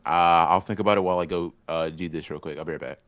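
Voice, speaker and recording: A man's voice: rumbling low, rapid-fire, fairly bright tone. A man co-hosting a podcast, talking in a laid-back, joking way with plenty of ums and likes. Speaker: podcast co-host. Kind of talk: casual chat.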